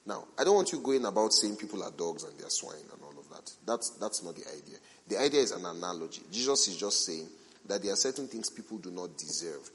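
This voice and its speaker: A man preaching a sermon as a pastor, telling animated everyday stories, asking rhetorical questions and acting out the people he quotes. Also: sits low, fast talker. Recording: long reverb from a large hall.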